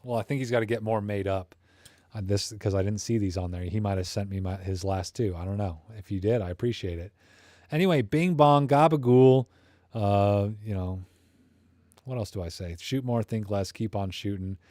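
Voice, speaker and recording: A man's voice: on the low side, steady tone, brisk, dark tone, no room sound. Tired, goofy man rambling on a live stream. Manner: goofy, rambling, self-promoting banter. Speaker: YouTube streamer. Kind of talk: casual live-stream chat. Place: small room at home.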